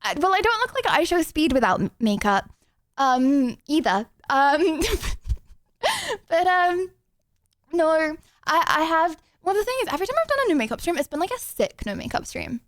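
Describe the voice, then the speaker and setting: A young woman with a high, bright voice chats to her stream in a giggly, rambling way, full of ums and restarts. The sound is dry and close, from a desk microphone. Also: very animated, normal speed, no room sound. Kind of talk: casual live-stream chat.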